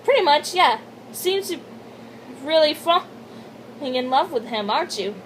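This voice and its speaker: A woman's voice: sits high, expressive, measured pace, a little hiss or hum, rough recording. A woman doing a smirking young guy with a put-on accent. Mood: teasing. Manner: attempted South African accent. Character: teasing young male friend, smirking.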